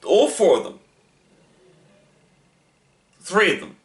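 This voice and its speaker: A man's voice: high-pitched, sing-song, takes it slowly. A man casually retelling a story in his own way, chatty and rambling, with asides and fillers. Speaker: channel host. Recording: roomy echo.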